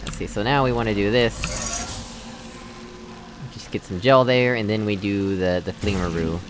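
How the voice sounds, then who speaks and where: A man's voice: lowish voice, steady tone, moderate pace, noisy background. A young man from Texas casually commenting as he plays a puzzle game, thinking aloud and poking fun at himself. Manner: musing aloud, self-deprecating, chuckling. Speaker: gamer playing a puzzle game. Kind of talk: casual let's-play commentary.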